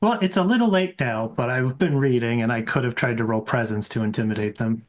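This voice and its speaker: A man's voice: medium pitch, a little fast, a little hiss or hum. A man playing in a tabletop role-playing game, a little hesitant, checking the rules as he goes. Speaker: player. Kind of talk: casual tabletop play.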